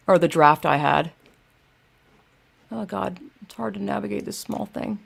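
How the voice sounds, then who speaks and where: A woman's voice: mid-range voice, measured pace, creaky, pauses often, slightly rough. Profane, exasperated woman ranting on stream. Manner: profane, exasperated, talks to chat while fumbling with her phone. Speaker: video creator ranting to live chat. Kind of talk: casual livestream rant.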